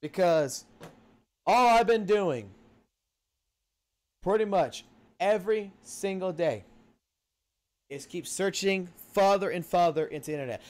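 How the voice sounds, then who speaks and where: A man hosting a livestream delivers a heated, profanity-laced rant into a home mic. His voice sits a little higher than most men's. He circles back on his own words to drive each point home. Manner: heated, profane, repeats himself for emphasis. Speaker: livestream host.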